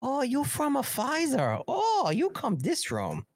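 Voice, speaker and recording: A shrill, singsong hostess coos over every client with a fawning lilt, as a man puts her on. The voice jumps high above his own and swoops all over. The sound is close and dry. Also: wildly swooping pitch, takes it slowly, no echo, heavily acted. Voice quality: shrill, broken-English singsong.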